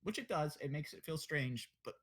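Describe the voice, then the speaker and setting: A man's voice: fairly high pitch, animated, moderate pace. A young man co-hosting a casual podcast chat, blunt and opinionated, swearing and joking as he goes. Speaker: podcast co-host.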